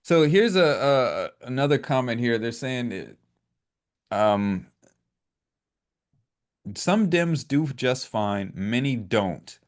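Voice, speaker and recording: A man co-hosting a political talk show, speaking in a measured, hesitant way with a dry humor. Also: mid-range voice, big pitch swings. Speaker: podcast co-host.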